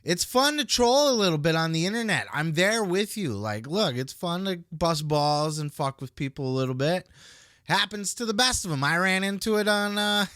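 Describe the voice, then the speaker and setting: A man's voice: high voice, expressive, moderate pace, a bit bright, no echo, clean studio sound. A man hosting a wrestling commentary podcast, ranting in a heated, blunt and profane way. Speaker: podcast host.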